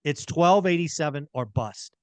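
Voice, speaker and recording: A man's voice: a little high, expressive, normal speed, clear, resonant tone, no echo. A middle-aged man hosting a podcast, talking casually and emphatically and repeating his key points. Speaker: podcast host. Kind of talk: casual real estate chat.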